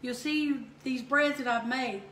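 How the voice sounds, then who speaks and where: A woman's voice: high voice, fairly even intonation, unhurried, a bit bright, a little hiss or hum. A woman with a Southern US accent, chatting homily through a cooking demo and calling viewers y'all. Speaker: home cook host.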